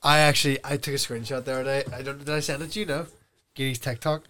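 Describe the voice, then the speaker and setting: Animated young man telling funny stories. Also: medium pitch, quick pace. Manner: animated storyteller who puts on voices when quoting. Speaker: podcast co-host. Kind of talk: casual chat.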